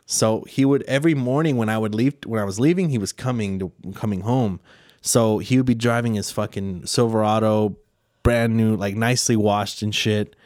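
A man's voice: on the low side, normal speed, no echo, studio quality. Young man telling a profane story. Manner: swears freely, animated retelling of quarrels. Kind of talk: casual chat, storytelling.

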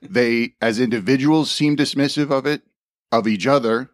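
A man's voice: mid-range voice, normal speed, no room sound, clean studio sound. A man co-hosting a podcast remotely, rambling through a topic with wry humor. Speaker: podcast co-host. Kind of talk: casual comedic chat. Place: calling in remotely.

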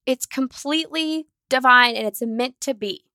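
A woman hosting a solo podcast, talking fast and fired up, candid and casual, with some swearing. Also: high voice, pushed and bright, dry recording, studio quality. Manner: acts out her own anxious inner voice. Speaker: podcast host.

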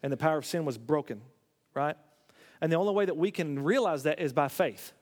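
A man's voice: a little high, lively intonation, brisk, darkish tone, big-room sound. A man preaching a sermon, telling stories with emphatic stammered restarts. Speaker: pastor.

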